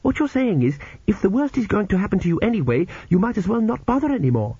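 A man reading an audiobook voices a timid, dutiful young woman prisoner who speaks in a hushed, fearful way. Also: high voice, big pitch swings, fast talker, slightly rough, no room sound, voice pushed up, full character voice. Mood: puzzled. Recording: dull lo-fi audiobook recording.

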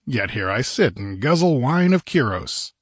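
Conan, a gruff grim barbarian voiced by a man. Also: medium pitch, sing-song, unhurried, no echo, studio quality, voice pushed up. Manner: gruff, impatient, mocking. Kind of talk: audiobook character voice.

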